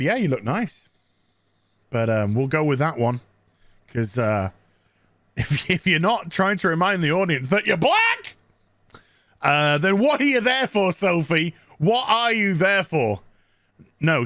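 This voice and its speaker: A man's voice: medium pitch, a bit bright, no echo. A man giving a crude, sarcastic, mocking recap of a TV episode as a show reviewer.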